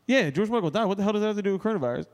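Animated slangy young man, reverby. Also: sits high, rapid-fire. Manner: animated, slangy, laughing often. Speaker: podcast host. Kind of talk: casual chat.

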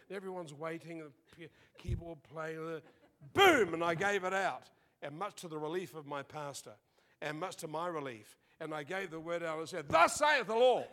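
A man with a notably high voice preaches a sermon, telling a story with lots of energy. He acts out the quoted lines and slips in laughs as he goes. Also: fairly bright tone.

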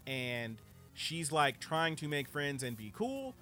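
Man, podcast co-host, casual anime chat, animated, swears a lot. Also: a little high, slow, faint music behind. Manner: animated, profane, filler-heavy.

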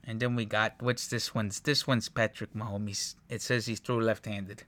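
Bright-voiced man ranting over football highlights. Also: little pitch movement, normal speed. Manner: profane, exasperated, ranting. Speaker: sports commentator reacting to highlights. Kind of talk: profane casual football highlight breakdown.

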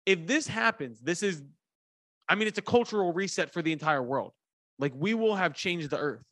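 A man's voice: sits high, animated, normal speed, a bit bright, dry recording, clean studio sound. A man from Philadelphia hosting a podcast, telling stories in casual, profanity-laced chat. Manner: profane, storytelling. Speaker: podcast host.

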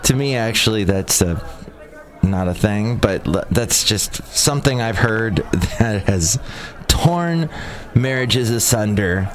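A man's voice: on the low side, animated, slow. A man hosting a solo podcast outdoors near a cafe, rambling sarcastically and restarting his sentences often. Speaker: podcast host. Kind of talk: casual solo podcast monologue.

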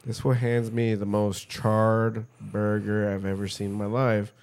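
A man's voice: fairly low pitch, level tone, measured pace, darkish tone. Profane man telling a story in casual chat. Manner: profane storyteller, mocking voices. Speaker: podcast co-host.

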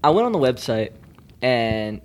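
A man's voice: medium pitch, sing-song, measured pace, a little mellow, slight background noise. A man in casual conversation, laid-back and crude-humored, telling stories. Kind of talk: casual chat.

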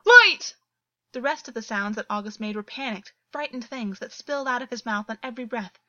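A woman narrating a story in a steady, earnest reading voice, on a dull, lo-fi recording. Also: on the high side, quick pace, no echo. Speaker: audiobook narrator.

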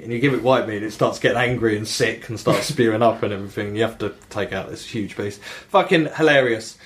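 A young man hosting a casual gaming podcast, telling stories in an animated way, swearing and laughing often. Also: fairly low pitch, brisk, few pauses. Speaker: podcast host. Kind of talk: casual podcast chat about video games.

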